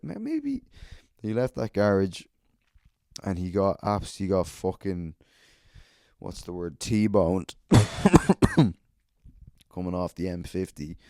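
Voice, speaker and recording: A man's voice: deep voice, warm tone, dry recording, clean studio sound. A man in his thirties with an Irish accent, hosting a solo podcast and telling rambling, sardonic stories laced with swearing. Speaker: podcast host.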